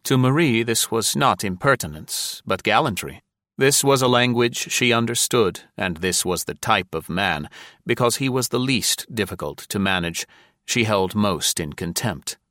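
Low-voiced male audiobook narrator. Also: expressive, fairly bright tone, no room sound, studio quality. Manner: measured, formal storytelling.

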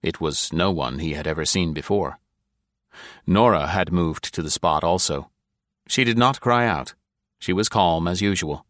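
A male audiobook narrator with a very deep voice, reading in a measured, even way. The recording is close and dry, with no room sound. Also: no echo.

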